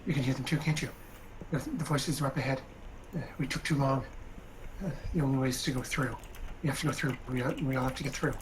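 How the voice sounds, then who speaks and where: A man's voice: mid-range voice, steady tone, noisy background, natural voice. A man doing a jittery little gnome guide. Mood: urgent. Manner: hurried, repeats himself. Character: small anxious gnome guide, urgent and jittery.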